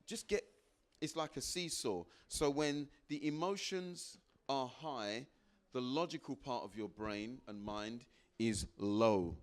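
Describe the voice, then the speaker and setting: A man giving a motivational talk to a live audience, repeating phrases for emphasis and acting out little exchanges with sudden jumps into a high voice. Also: slow pace. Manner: animated, acts out little dialogues with sudden high jumps in pitch. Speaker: guest speaker.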